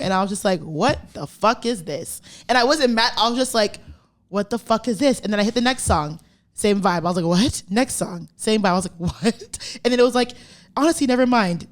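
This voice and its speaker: A woman co-hosting a podcast, telling stories animatedly and acting out quoted dialogue in casual, profane chat. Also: medium pitch. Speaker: podcast co-host.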